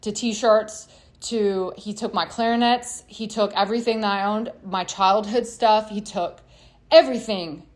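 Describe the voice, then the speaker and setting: A woman musician telling her own story in a confessional monologue, swearing freely and swinging between loud angry bursts and quieter stretches. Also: mid-range voice, fairly even intonation, unhurried.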